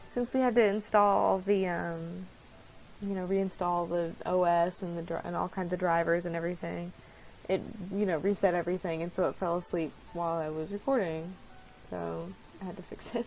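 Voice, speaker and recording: Woman, casual let's-play host, gravelly fry, rambling and self-deprecating. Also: fairly low pitch, a little mellow, rough recording. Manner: rambling, apologetic, laughs often. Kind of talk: casual gameplay commentary.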